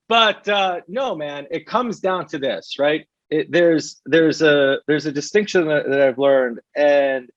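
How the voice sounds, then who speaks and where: A man's voice: fairly high pitch, no room sound. A middle-aged man from New York, a coach talking reflectively as a podcast guest and often tagging "right?" onto his points. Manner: reflective, keeps adding "right?". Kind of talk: casual podcast interview. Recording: dull, dry podcast sound.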